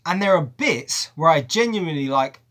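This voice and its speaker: A man with a higher-pitched voice delivers an animated, exasperated film review rant full of profanity. He talks at a normal speed in this ranting video review.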